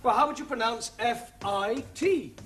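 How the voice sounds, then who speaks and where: A patient, exasperated teacher. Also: male voice, extremely high pitch, moderate pace, fairly bright tone, faint music behind. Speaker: English teacher. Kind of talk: sitcom acting. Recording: noisy TV audio.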